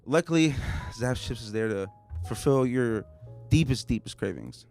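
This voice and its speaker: A man's voice: medium pitch, lively intonation, creaky, darkish tone, soft background music. A man hosting a casual podcast, joking around and swearing freely. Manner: joking, swearing, quick asides. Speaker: podcast host.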